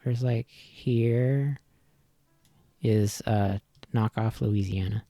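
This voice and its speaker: A man with a gravelly, fry-tinged voice runs a tabletop game and chats loosely once the session ends. He pokes fun at himself and laughs easily. The recording is close and dry, with no room sound. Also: on the low side, fairly even intonation, drawn-out words, mellow, no echo. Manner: self-deprecating, laughs often. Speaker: game master. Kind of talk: casual post-session chat.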